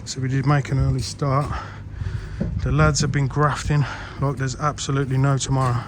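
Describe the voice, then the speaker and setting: A man's voice: medium pitch, flat delivery, normal speed, noisy background. A man vlogging outdoors on a building site. He talks casually to viewers as he works, with mild swearing. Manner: chatty, mild swearing, calls viewers guys. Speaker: pond builder vlogging his project. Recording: music playing underneath.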